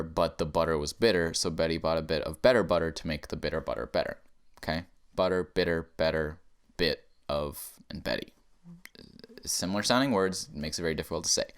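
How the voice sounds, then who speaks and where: A man rambling through a profane comedic rant, drifting from mumbled asides to loud, emphatic bursts. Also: low-pitched. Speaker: podcast comedian.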